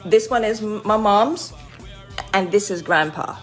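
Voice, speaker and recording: A woman's voice: medium pitch, unhurried, soft background music. A woman delivering emphatic, scolding commentary straight to her viewers. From Jamaica. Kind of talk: direct-to-camera commentary.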